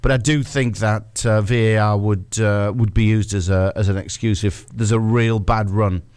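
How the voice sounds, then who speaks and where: A man co-hosting a casual football chat show, talking in quick, jokey bursts when he riffs. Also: on the low side, steady tone, darkish tone, smooth, no echo. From North East England. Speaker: co-host.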